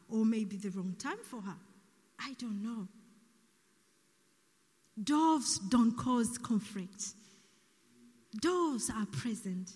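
Soft-spoken, breathy woman preacher. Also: on the high side, big-room sound. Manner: soft-spoken, slow and deliberate, drops to near-whispers. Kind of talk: sermon.

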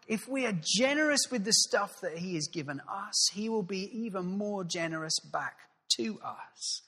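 A male pastor giving a sermon, telling the story with lively acted-out voices. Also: high-pitched, normal speed, big-room sound. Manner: animated storytelling, acts out voices.

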